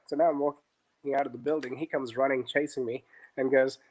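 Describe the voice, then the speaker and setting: Man, middle-aged, podcast guest, lively storytelling, quotes dialogue, mid pitch. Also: fast talker. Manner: animated, acts out dialogue in quotes. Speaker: interview guest, business founder. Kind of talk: conversational storytelling.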